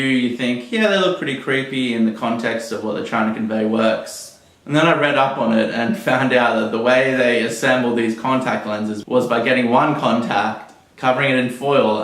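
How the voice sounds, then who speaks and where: A man gives casual, blunt commentary on an episode, swearing freely and joking as he goes. His voice is mid-pitched. The room gives it a clear echo. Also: fairly even intonation, normal speed, fairly bright tone. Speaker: podcast host reviewing an episode. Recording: roomy echo.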